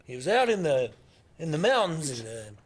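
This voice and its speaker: A man's voice: fairly high pitch, sing-song, normal speed. A man voicing a male TV sports reporter on the scene, reporting in a breathless, over-dramatic way.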